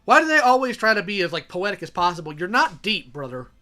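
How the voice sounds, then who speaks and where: A man's voice: high-pitched, big pitch swings, fast, sharp tone. A man reading messages aloud and reacting in a sarcastic, exasperated way.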